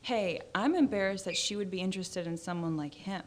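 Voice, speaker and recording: A woman's voice: mid-range voice, brisk, slight background noise, close to an everyday voice. A woman reading aloud, voicing a sardonic man with dry, mocking remarks. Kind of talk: literary reading.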